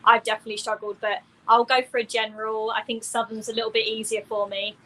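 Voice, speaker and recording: A woman's voice: on the high side, flat delivery, fast talker, a bit bright, a little hiss or hum, poor audio. A woman with an Essex accent, an actor guest in a casual interview, talking candidly and self-deprecatingly. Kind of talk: conversational interview.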